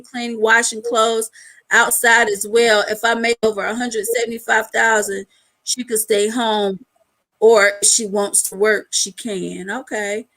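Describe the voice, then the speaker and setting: A woman hosting a casual live chat, telling animated stories in a loose colloquial way and laughing often. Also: a little high, rough recording. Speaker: host.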